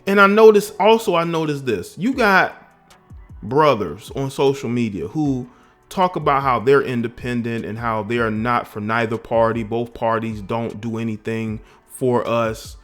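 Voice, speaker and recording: On his own vlog, a man from the American South delivers emphatic, indignant political commentary, often restarting his phrases. His voice is medium in pitch, unhurried and fairly bright, with faint music playing behind him.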